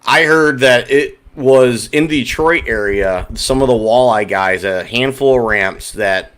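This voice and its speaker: Laid back guy hosting a podcast, agreeable, middle pitch. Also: measured pace, smooth. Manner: relaxed, agreeable, short affirmations. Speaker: podcast host. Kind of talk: casual podcast chat.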